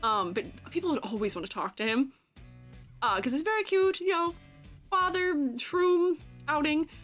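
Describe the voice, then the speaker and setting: A young woman streamer telling a rambling, animated story, laughing often and acting out voices. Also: high-pitched, normal speed, soft background music.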